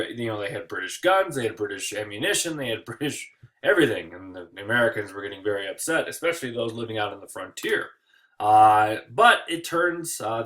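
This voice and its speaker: A man's voice: mid-range voice, a bit bright. A man teaching history in a casual recorded lecture, joking often and talking loosely with many fillers.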